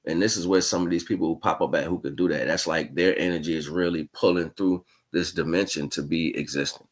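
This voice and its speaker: Deep-voiced man musing casually on a livestream. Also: fairly even intonation, fairly quick. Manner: casual, slangy, keeps asking "you know what I'm saying"; rambling, musing delivery with restarts. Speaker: livestream host. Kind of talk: spiritual livestream monologue.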